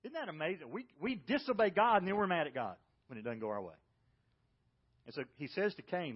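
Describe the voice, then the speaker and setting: Male pastor, lively sermon delivery, dull audio. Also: sits high, brisk, husky. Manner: animated preaching with rhetorical questions.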